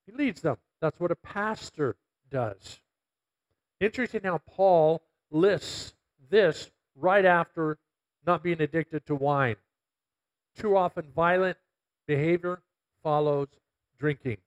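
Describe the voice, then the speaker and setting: A man's voice: on the high side, takes it slowly, long pauses, low-quality recording. A middle-aged man, a pastor, preaching a conversational sermon full of stories and quoted asides.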